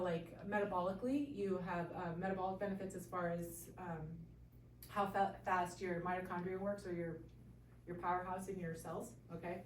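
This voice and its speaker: A woman's voice: medium pitch, darkish tone, slight background noise. A woman chiropractor explaining health topics to a small group, checking in with a frequent "okay?". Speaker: chiropractor giving a talk. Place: room with a small audience. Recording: echoey room, voice from far off.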